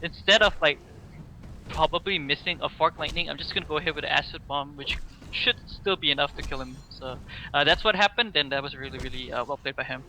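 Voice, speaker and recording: A male color caster breaks down the plays in a loose, filler-heavy ramble. His voice is very bright and slightly high. A faint hiss sits behind him. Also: a little fast, poor audio. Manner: casual, rambling analysis with many fillers. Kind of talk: esports color commentary.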